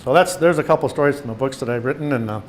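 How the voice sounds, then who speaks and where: An older man reads his own tales aloud with lively storytelling, his pitch sitting in an ordinary middle range. A faint hum of room ambience sits behind him as he talks to a small gathering. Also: rapid-fire. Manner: storytelling with animated quoted voices. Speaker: author giving a presentation. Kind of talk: reading his memoir stories aloud. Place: meeting room.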